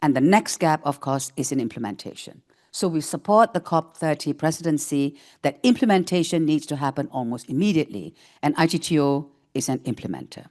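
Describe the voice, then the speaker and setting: Measured panelist listing points. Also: medium pitch, expressive, darkish tone. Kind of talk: conference panel remarks.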